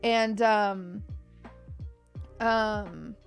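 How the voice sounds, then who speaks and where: A woman's voice: medium pitch, steady tone, drawn-out words, soft background music. A young woman streamer telling a long, stressed story to her chat in a rambling way, acting out the people she quotes. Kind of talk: casual chat to stream viewers.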